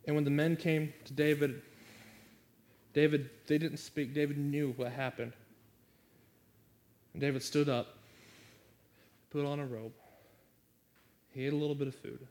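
A man's voice: on the high side, level tone, a little slow, pauses often, a little mellow. A man pastor preaching a sermon and making an earnest, pleading altar call.

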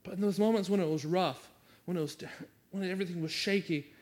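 Guy pastor giving a sermon, earnest and pleading, kinda high voice. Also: a little fast, a little mellow. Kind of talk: sermon with altar call.

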